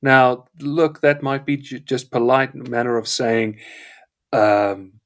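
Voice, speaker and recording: A man's voice: mid-range voice, steady tone, slow, fairly bright tone. A man from South Africa who speaks with a polished British-schooled accent, a guest telling stories in a rambling, wry way on a live chat show. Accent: British-educated English, not South African.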